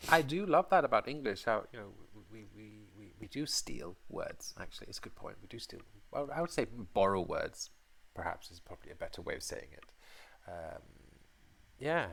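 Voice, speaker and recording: Gravelly low-voiced male co-host. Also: very animated, fairly bright tone. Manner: playful, questioning and quick to joke. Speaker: podcast co-host. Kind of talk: casual chat about word meanings.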